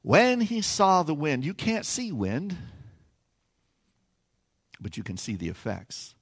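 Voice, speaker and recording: A man's voice: on the high side, huge pitch swings, slow pace, slightly rough. A man preaching a sermon from a stage platform, telling a story with playful asides. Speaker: pastor.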